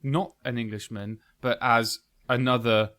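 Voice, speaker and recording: A man's voice: mid-range voice, steady tone, measured pace, fairly bright tone. A British man hosting a podcast, chatting enthusiastically about a film and laughing often. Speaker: podcast host. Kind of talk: casual film chat.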